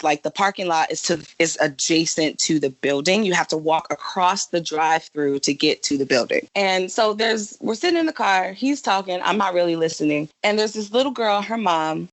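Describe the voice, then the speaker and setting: A woman guest on a podcast, telling a story in a casual, animated way with big swings in pitch. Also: normal speed, few pauses, no room sound.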